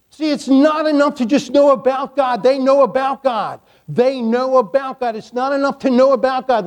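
A man's voice: extremely high pitch, a little mellow. A male pastor preaching a sermon, emphatic, repeating key lines and dropping playful asides to the congregation.

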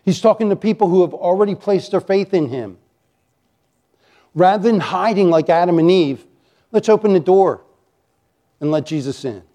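A pastor preaching a sermon to his congregation. His voice sits fairly high for a man but has a mellow, warm tone. His delivery is emphatic, and he stretches out the key lines. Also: animated. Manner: emphatic, varies pace, slows for key lines, rises when acting out accusations. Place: church sanctuary with a congregation.

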